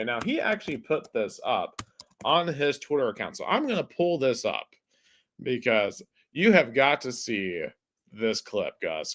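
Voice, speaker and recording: A man's voice: mid-range voice, a bit bright. A man hosting a casual sports podcast, chatty and filling his talk with "like". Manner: chatty, heavy use of "like". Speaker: podcast host.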